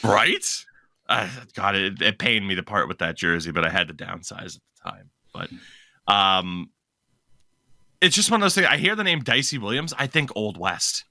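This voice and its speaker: Lively, bright-voiced male podcast host. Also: lowish voice, moderate pace, no room sound, clean studio sound. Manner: chatty, laughs often, animated storytelling. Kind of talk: casual podcast chat.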